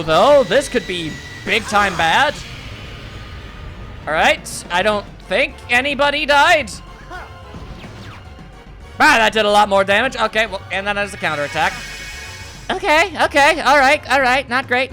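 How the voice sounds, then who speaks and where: A man's voice: extremely high pitch, animated, moderate pace, long pauses, pushed and bright. A man giving casual, wry commentary over a game while reading its dialogue aloud. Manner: wry, chatty, reads out the game's dialogue. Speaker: let's play commentator. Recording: faint game music behind the voice.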